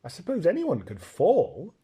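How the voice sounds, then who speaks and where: A man's voice: huge pitch swings, unhurried, warm tone, full character voice. A man reading aloud, voicing an eager, timid young boy in a raised, earnest voice. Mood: unsure. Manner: high, breathless and earnest.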